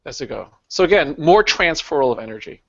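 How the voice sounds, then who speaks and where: A man's voice: a little high, big pitch swings, a little fast, gravelly, fairly bright tone, no echo. A man hosting a casual podcast, giving brief reactions and reading the sign-off. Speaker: podcast host. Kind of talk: casual chat, show sign-off. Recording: dull lo-fi audio, dry.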